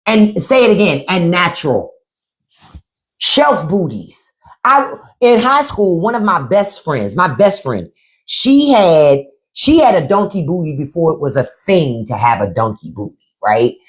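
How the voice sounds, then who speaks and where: A woman hosting a live stream in casual comedic chat, loud and playful, swearing and swinging her voice from high to low. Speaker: podcast host on a live stream. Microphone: phone or desk mic on a live stream.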